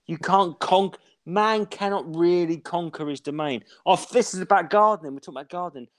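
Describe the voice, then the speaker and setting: A man's voice: high voice, brisk. Rambling sweary man in his forties. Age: 40s. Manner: rambling, sweary, animated storytelling. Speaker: podcast co-host. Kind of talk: casual chat.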